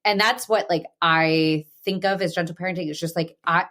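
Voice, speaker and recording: A woman's voice: on the low side, fairly even intonation, normal speed, a bit bright. A woman hosting a podcast in casual chat, frank and swearing freely, with many "like" fillers. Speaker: podcast host.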